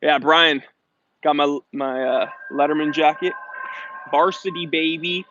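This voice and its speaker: A man's voice: on the high side, little pitch movement, a little slow, fairly bright tone, no echo. Upbeat American man hosting a live stream. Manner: chatty and upbeat, reads viewer comments aloud, laughs often. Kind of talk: casual live-stream chat. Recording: slightly dull, lo-fi stream audio.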